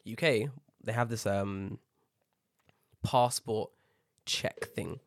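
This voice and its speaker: A man telling an animated, heavily sworn rant about an airport in a casual chat, acting out the people he met. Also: on the low side, slow pace, creaky, no echo, studio quality. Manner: animated ranting, swears a lot, acts out people.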